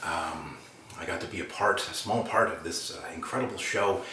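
An actor, telling a personal anecdote in an animated way and acting out quotes. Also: male voice, low-pitched, moderate pace, distant mic, a little hiss or hum. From Canada. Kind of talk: anecdotal storytelling. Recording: roomy room, speaker set back from mic.

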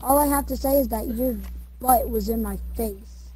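A woman's voice: on the high side, normal speed, mellow, rough recording. A woman joking and bossing her friends around while they play a shooter game together. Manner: teasing, bossy, playful. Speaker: gamer playing with friends. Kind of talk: casual gaming chat over voice.

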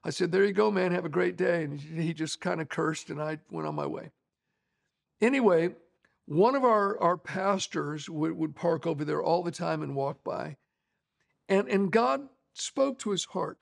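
A middle-aged pastor delivers a conversational sermon, telling anecdotes in a folksy way. His voice sits high for a man and carries a gravelly edge. He restarts his sentences often and leans on casual fillers. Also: animated, moderate pace.

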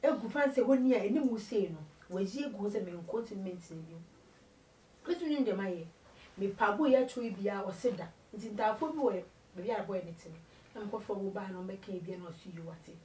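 A woman recounts her life story as an interview guest, her storytelling animated and moving between two languages. She sits well back from the mic in a roomy, echoing space. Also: medium pitch, fairly quick, distant mic. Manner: animated storytelling, mixing Twi and English.

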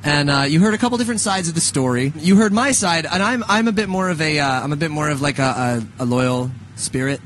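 A young man in his twenties co-hosts a studio radio show, talking loosely and joking, often circling back and restarting his sentences. His voice sits a little high. A faint hiss runs under the recording. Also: animated, fast talker, few pauses, fairly bright tone. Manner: rambling with restarts, laughing. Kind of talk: casual joking radio chat.

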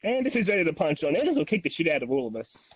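A man's voice: a little high, big pitch swings, rapid-fire, husky, dry recording. A man, joking and teasing as a streamer in casual chat. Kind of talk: casual chat while playing a social game. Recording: loud crowd of voices behind.

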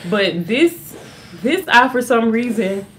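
A young woman in casual storytime chat, animated and laughing often as she tells a story, speaking in fast bursts. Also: on the high side, a little hiss or hum. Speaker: vlogger, mother.

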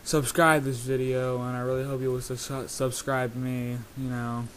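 A man's voice: medium pitch, level tone, moderate pace, slight background noise. A man giving a casual, rambling commentary on his own homemade video, with many hesitations and fillers. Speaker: video creator.

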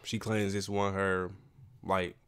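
A man's voice: sits low, level tone, takes it slowly, fairly bright tone, smooth. A man hosting a casual reaction video, talking in a laid-back, rambling, slangy way and sounding a little congested.

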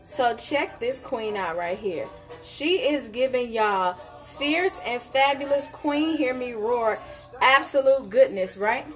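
Sassy high-voiced woman selling jewelry live. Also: slow pace, faint music behind. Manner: sassy, animated, calls viewers y'all and honey. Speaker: online jewelry seller. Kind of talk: live sales stream.

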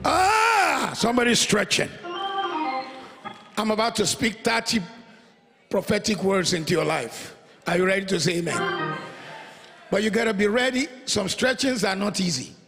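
A man preaching a sermon as pastor, leading the congregation in call-and-response and breaking into emphatic shouts. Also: high voice. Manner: emphatic call-and-response, repeats phrases and has the congregation echo them; bursts into shouts. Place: church before a congregation.

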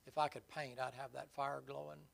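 A man's voice: medium pitch, flat delivery, fairly quick, vocal fry. A man preaching a sermon in a folksy, vivid storytelling manner.

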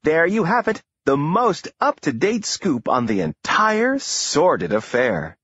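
Man voicing high, bubbly female gossip host with a dry, muffled sound. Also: sing-song, slow, a bit bright, breathy edge, no echo, exaggerated voice. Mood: gushing. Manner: breathless showbiz sign-off patter. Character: gushing female celebrity gossip reporter.

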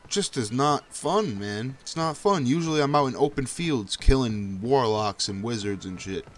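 A young man casually narrating his own gameplay, swearing often and breaking into high yelps when danger shows up. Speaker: gameplay commentator. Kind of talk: casual let's-play commentary.

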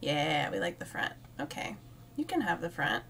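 A woman's voice: deep voice, wildly swooping pitch, moderate pace, a bit bright, a little hiss or hum. A young woman streaming a cozy game, chatting casually and talking to the plants as she plays, with frequent giggles. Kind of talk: casual let's-play commentary.

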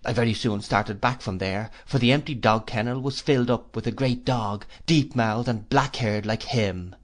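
With a voice of medium pitch, this male audiobook narrator delivers a classic novel in a measured, expressive manner.

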